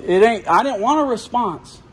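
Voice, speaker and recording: Loud, insistent high-voiced man filming. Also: lively intonation, normal speed. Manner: loud, insistent, repeating demands. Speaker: video channel host, auditor. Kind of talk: confrontational on-camera filming.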